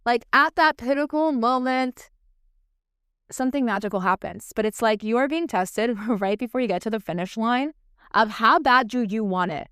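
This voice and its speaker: Woman rambling through a story on her podcast, super smooth voice, swears a lot, dry sound. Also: a little high, normal speed, fairly bright tone, dry recording. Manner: chatty, swears freely, lots of "like" fillers. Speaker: podcast host. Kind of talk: casual storytelling monologue.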